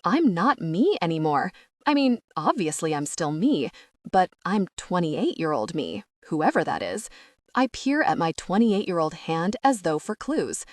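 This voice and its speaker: A British woman reading an audiobook in the first person, expressive and wry. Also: fairly low pitch, measured pace, no echo. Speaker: audiobook narrator.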